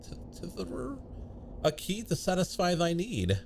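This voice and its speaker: A stiffly formal video-game character who speaks in slow, ornate old-fashioned English, voiced by a man. The pitch still rises and falls with feeling. A faint background hiss stays under the voice. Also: huge pitch swings, creaky, heavily acted. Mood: stately.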